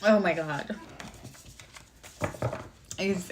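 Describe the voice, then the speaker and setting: A woman's voice: on the low side, a little slow, very noisy. A woman giving a casual live tarot and astrology reading, chatty and rambling with many fillers and asides.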